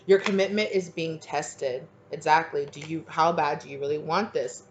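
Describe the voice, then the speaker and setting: A woman's voice: low-pitched, steady tone, moderate pace, few pauses, heavy background noise. A woman giving a casual, rambling channeled tarot reading, full of "like" and "okay". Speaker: tarot reader.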